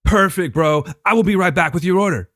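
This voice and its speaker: A man's voice: high voice, brisk, fairly bright tone, dry recording, studio quality, pitched above the performer's own voice. A man putting on the voice of an overly upbeat young male coffee barista, gushing and chummy. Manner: gushing, chummy, relentlessly cheerful.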